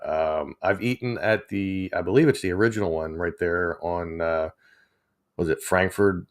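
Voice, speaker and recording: A man's voice: deep voice, normal speed. A man, chatting casually with viewers on a livestream, rambling and chuckling as he reads the chat. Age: 40s. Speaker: livestream host.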